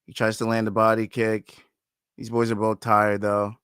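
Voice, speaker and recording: A man hosting a live fight watch-along, giving fan commentary, who swears often and pleads and shouts at the fighters on screen. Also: fairly low pitch, completely flat delivery, moderate pace, smooth, no echo, clean studio sound.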